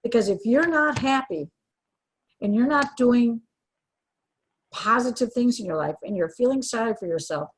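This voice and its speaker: A woman's voice: fairly high pitch, expressive, moderate pace, long pauses, slight background noise, poor audio. An older woman speaking earnestly and from the heart as an interview guest, with frequent restarts. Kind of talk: emotional personal interview.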